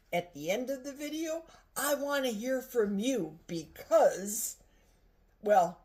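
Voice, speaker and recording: An older woman food vlogger tasting a dish and chatting casually to her viewers, animated and talkative, sometimes with her mouth full. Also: medium pitch. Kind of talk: casual cooking vlog with tasting.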